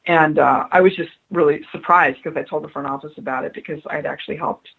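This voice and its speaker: A woman's voice: low-pitched, quick pace, vocal fry, fairly bright tone, slightly rough, rough recording. A woman being interviewed on radio as a spiritual adviser, telling stories earnestly and repeating her key phrases for emphasis. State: choked up.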